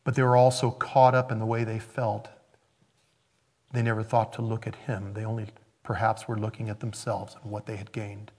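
A man preaching a sermon as a pastor, in a conversational way that swings between emphatic bursts and hushed, quiet asides. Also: on the low side, flat delivery, normal speed.

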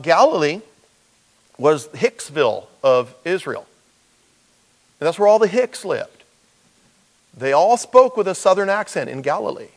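Middle-aged pastor preaching, acts out the characters, pitch jumps up and down a lot. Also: male voice, creaky. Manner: animated, acts out the voices of the characters in the story. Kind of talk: sermon.

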